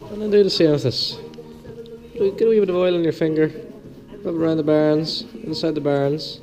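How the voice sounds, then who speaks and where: A man with a hoarse voice from the flu, hosting a casual step-by-step engine repair tutorial, chatty and homely, repeating small instructions. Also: fairly high pitch, fairly even intonation, brisk, darkish tone, soft background music, poor audio. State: hoarse, losing his voice with flu. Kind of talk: casual step-by-step workshop demonstration.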